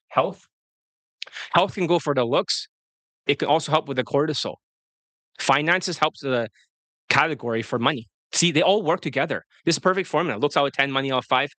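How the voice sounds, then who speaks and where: A man talking fast and rambling as a dating coach on a livestream, often breaking off mid-sentence. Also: on the high side, bright, forceful tone, no echo. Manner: fast, rambling, self-interrupting.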